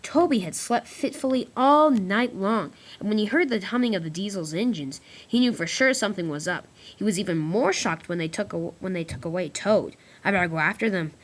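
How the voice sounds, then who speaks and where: A woman's voice: mid-range voice, normal speed, hardly any pauses. A woman narrating a homemade toy-train story in a casual way, with small slips and restarts.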